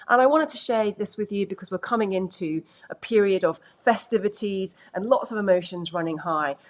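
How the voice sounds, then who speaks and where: A woman giving an earnest, reassuring coaching talk to camera in a conversational way, checking in with the listener. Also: on the low side. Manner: conversational, many "you know" fillers.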